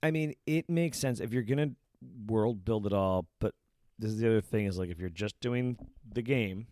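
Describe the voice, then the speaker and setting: A man's voice: fairly low pitch, moderate pace, a little mellow, no echo, studio quality. A man co-hosting a podcast in casual chat, rambling and swearing freely. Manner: rambling, profane, quotes characters in put-on lines. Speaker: podcast co-host.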